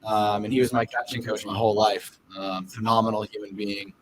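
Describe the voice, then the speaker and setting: A man's voice: on the low side, level tone, brisk, a loud crowd, rough recording. Earnest young man in a podcast interview. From Southern California. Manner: earnest, many fillers and restarts. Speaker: guest, professional baseball catcher.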